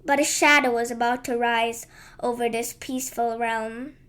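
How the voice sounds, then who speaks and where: A woman narrating a children's bedtime story in a gentle, lilting and unhurried way. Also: on the high side, fairly even intonation.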